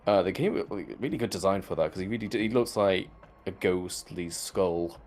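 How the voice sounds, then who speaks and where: Low, fairly quick and a little mellow, this man's voice belongs to a podcast co-host casually going over a cartoon episode. He rambles, uses many fillers, swears now and then and laughs while recounting scenes.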